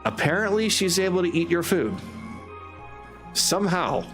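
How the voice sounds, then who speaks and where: A man's voice: high-pitched, sing-song, moderate pace, music in the background. A man narrating as dungeon master of a tabletop game with friends, casual and laughing often, with some swearing.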